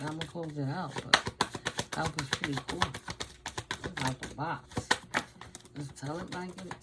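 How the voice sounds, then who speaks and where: A woman's voice: low-pitched, heavy background noise. A woman from the United States doing a casual tarot reading and telling stories, blunt and emphatic, with Spanish words mixed in. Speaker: tarot reader.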